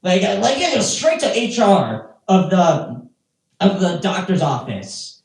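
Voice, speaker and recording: A stand-up comedian doing a rambling, self-mocking set with crowd work, full of stammered restarts and sudden loud mocking outbursts. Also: medium pitch, very animated, normal speed. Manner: bursts into loud mocking shouts. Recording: roomy, voice picked up from a distance.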